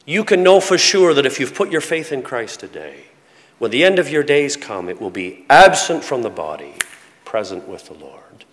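A man preaching a sermon in earnest tones, often repeating words and dropping to a soft, hushed voice. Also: medium pitch. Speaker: pastor. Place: church sanctuary with a congregation. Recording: long reverb of a large hall.

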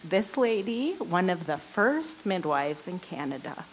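A woman speaks slowly and unhurriedly, sharing a personal devotional story with a women's group. Her voice sits a little low for a woman. She is earnest and often breaks into a soft laugh mid-sentence. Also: big pitch swings, a little hiss or hum, low-quality recording.

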